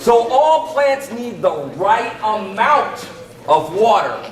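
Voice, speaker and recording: A man with a high, sing-song voice speaks slowly as an extension educator doing a playful gardening routine for young children, teasing them and calling for responses. Recorded far off in a big echoey indoor hall, it has heavy background noise and loud kids.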